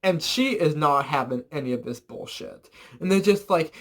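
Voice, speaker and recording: A young man telling a rambling, animated storytime in a casual vlog, full of fillers and the odd swear word. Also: on the high side, normal speed. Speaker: vlogger.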